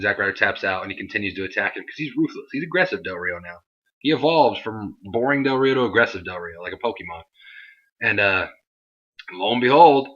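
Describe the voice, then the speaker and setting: A man's voice: on the low side, bright, forceful tone, highs cut off. A young man casually reviewing a wrestling show in a chatty, rambling way. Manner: chatty, rambling, lots of fillers. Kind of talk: casual recap monologue.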